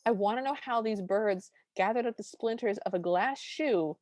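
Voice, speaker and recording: A woman's voice: medium pitch, no room sound. A woman co-hosting a podcast, wryly recapping a movie in casual chat and acting out lines as she goes. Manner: wry, animated retelling with quick voiced asides. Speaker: podcast co-host.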